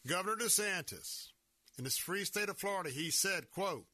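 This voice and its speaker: A man's voice: high-pitched, lively intonation, normal speed, pushed and bright, dry recording. A man hosting a conservative talk radio show from a studio, speaking emphatically and sounding worked up. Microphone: studio microphone.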